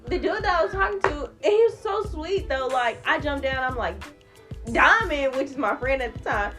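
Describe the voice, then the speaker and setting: Give me an animated young woman, telling a story on a podcast. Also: high-pitched, moderate pace, music in the background. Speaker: podcast host. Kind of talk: casual chat, storytelling.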